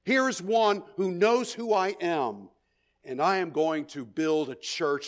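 A man's voice: on the high side, slow pace. A middle-aged man preaching a sermon, stressing his points, repeating key phrases and checking in with the congregation. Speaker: pastor.

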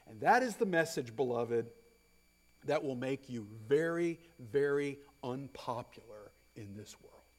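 A male pastor preaching a sermon, emphatic, stressing points through repetition and swinging from loud declarations to hushed asides. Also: mid-range voice, lively intonation, unhurried. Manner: repeats phrases for stress.

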